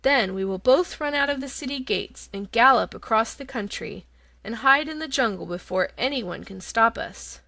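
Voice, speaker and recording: A woman's voice: on the high side, expressive, normal speed, creaky, sharp tone, dry recording, exaggerated voice. A woman voicing an old, hungry male tiger who talks big but turns tender, in a storybook reading. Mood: scheming. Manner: growling, boastful then tender.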